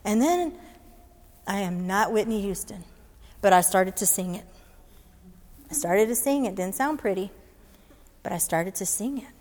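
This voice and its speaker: A woman police chaplain speaks to an audience, earnest and heartfelt, slipping into the voices of the people in her story. Her voice sits at an ordinary middle pitch. A long hall reverb trails each phrase. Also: lively intonation, a little slow, long pauses, a little mellow. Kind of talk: inspirational storytelling speech.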